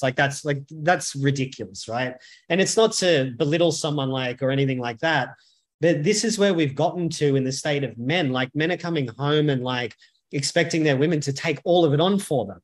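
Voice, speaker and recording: Brisk and slightly high-voiced, this man is a men's coach guesting on a podcast. He's blunt, emphatic and frequently profane in the interview conversation.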